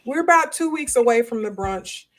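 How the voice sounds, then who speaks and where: A woman hosting a casual live-stream chat, animated and quick to laugh, her voice jumping high when she jokes. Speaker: host.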